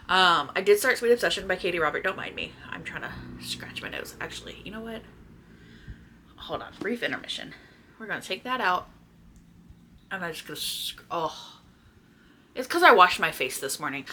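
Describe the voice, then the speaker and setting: A woman chatting casually to her viewers about books she has read, gushing with excitement and swearing freely. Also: medium pitch. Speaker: book vlogger. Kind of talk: casual chatty book review.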